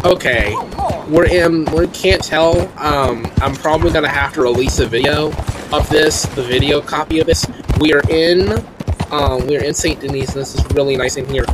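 A man's voice: on the high side, moderate pace, noisy background. A man hosting a podcast, casually talking through a video game he is playing, often restarting his sentences. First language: English. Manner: rambling, restarts sentences, chatty. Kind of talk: casual gameplay commentary.

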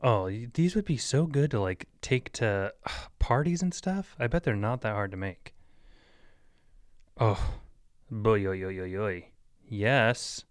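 This is a man talking on his own podcast, his voice low-set and smooth, recorded close and dry with no room around it. He wanders from thought to thought with lots of "like" and "uh", chuckling at his own jokes. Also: lively intonation, a little slow, dry recording. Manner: rambling, filler-heavy, laughs at his own jokes; joking, mock-serious asides. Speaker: podcast host. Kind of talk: solo casual podcast rambling.

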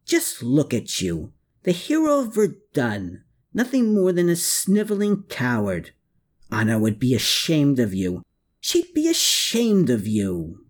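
A man's voice: mid-range voice, huge pitch swings, slow pace, voice pushed up, heavily acted. A man reading aloud, voicing a bitter, contemptuous man who snarls his lines in a raised voice. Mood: sneering.

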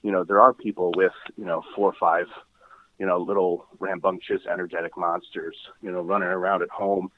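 A man with an Irish accent, a priest chatting casually as a podcast guest, relaxed and slangy. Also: deep voice, a little fast, slight background noise. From Ireland. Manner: laid-back, slangy, reassuring. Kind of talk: casual chat. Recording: tinny phone-like line.

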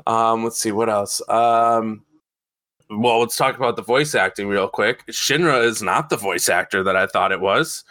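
Excitable, bright-voiced man chatting. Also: on the low side, a little slow, no room sound. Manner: excitable, swears freely, rambling. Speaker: podcast co-host. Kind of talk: casual chat.

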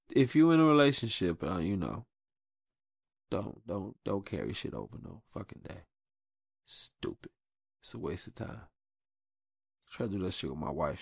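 Man in his thirties, podcast host, casual monologue, blunt, profane, animated delivery. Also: on the low side, vocal fry, no room sound, clean studio sound. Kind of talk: casual monologue, advice rant.

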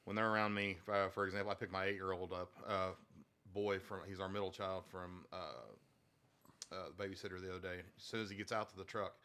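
Profane dad, thirties, bright edgy voice, low-ish pitch, just chatting. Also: male voice, little pitch movement, quick pace, clean tone. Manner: profane storyteller, swears constantly. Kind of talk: casual chat.

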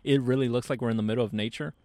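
A man's voice: mid-range voice, steady tone, rapid-fire, a little mellow, no room sound, clean studio sound. Chill young guy cracking jokes on a podcast at night in a park, mid voice. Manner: joking, laid-back, laughs a lot. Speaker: podcast co-host. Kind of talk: casual chat. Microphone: podcast microphone.

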